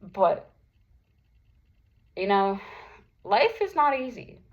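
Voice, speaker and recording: A woman's voice: mid-range voice, big pitch swings, extremely slow, lo-fi sound. Earnest young woman in a candid vlog. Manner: earnest, open, lots of "like" fillers. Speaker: vlogger. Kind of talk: personal vlog, candid talk to viewers.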